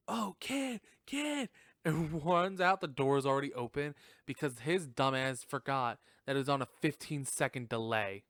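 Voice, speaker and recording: A man's voice: fairly high pitch, fairly bright tone, clean tone, no room sound, clean studio sound. A man hosting a podcast, recapping a film in a rambling, casual way, laughing often and swearing freely. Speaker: podcast host reviewing a film.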